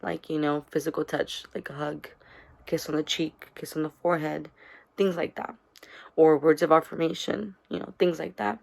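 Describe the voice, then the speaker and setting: A young woman speaks in a confessional daily vlog, her voice low with a gravelly fry. She rambles and restarts, soft and tearful at times, and her nose sounds stuffy from crying. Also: fairly even intonation. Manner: rambling, halting, with many fillers. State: stuffy-nosed after crying. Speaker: daily vlogger.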